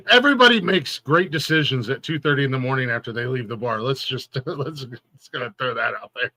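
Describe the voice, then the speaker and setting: A man's voice: mid-range voice, fairly quick, sharp tone, no room sound, rough recording. A man hosting a podcast in casual chat, joking and laughing a lot. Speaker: podcast host.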